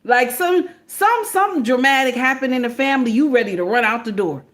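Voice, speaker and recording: Woman commentator, casual and preachy, emphatic delivery in a somewhat high register. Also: lively intonation, brisk, a bit bright. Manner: preachy, emphatic, keeps asking "okay?".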